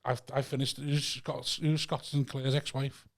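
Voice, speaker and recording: A man co-hosting a casual podcast, jokey and quick to interrupt. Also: mid-range voice, little pitch movement, gravelly. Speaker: podcast co-host.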